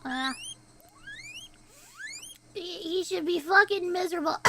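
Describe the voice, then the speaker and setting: A young woman chats loosely with her stream audience in a very high, slow, unhurried voice. She swears freely and breaks into loud laughter all the time. Steady background noise sits under her mic. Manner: profane, rambling, laughs often and loudly. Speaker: streamer and voice actor. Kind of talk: casual live-stream chat.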